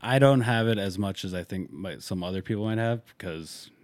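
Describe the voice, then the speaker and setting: A young man with a notably deep voice talks through a casual chat, relaxed and a little halting, laughing easily. The sound is dry and close, with no room around it. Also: dry recording. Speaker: tandem skydiving instructor.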